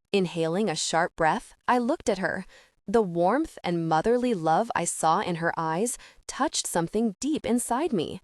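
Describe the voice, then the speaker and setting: A woman narrating a first-person audiobook with a steady, earnest reading. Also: fairly low pitch, a little slow, no echo, studio quality.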